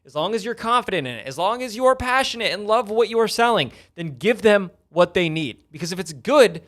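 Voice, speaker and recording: A young adult man co-hosting a casual business podcast, talking in an energetic, emphatic way and often tagging his points with "okay?". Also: high-pitched, brisk. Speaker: podcast co-host.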